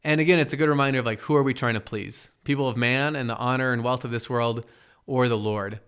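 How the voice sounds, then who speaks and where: A man gives a relaxed Bible teaching. He retells the passage conversationally, acts out the quoted characters, and often checks in with "right?". His voice is smooth, resonant and mid-pitched. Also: fast.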